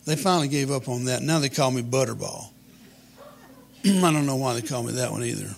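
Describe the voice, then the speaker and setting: A man, telling a humorous childhood story in a folksy, deadpan way. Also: mid-range voice, a little fast, gravelly, a little hiss or hum.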